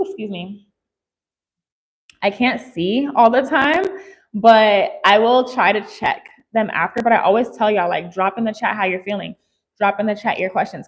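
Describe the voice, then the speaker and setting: Woman fitness creator, candid motivational chat, mid-pitched. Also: low-quality recording. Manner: candid, talks straight to viewers. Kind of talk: casual motivational chat to viewers.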